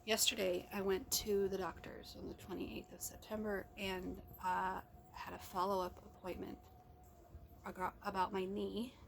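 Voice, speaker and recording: This middle-aged vlogger talks to herself in a rambling way, starting over again and again, from her car or home. She has a level, medium-pitched voice with vocal fry, speaks a little slowly, and there's slight background noise.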